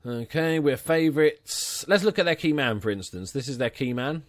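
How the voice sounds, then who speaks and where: A man's voice: fairly high pitch, lively intonation, moderate pace, dry recording. A young man commenting casually on his football management game, chatty and jokey, inventing nicknames for his players. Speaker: gaming channel host. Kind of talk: casual let's-play commentary.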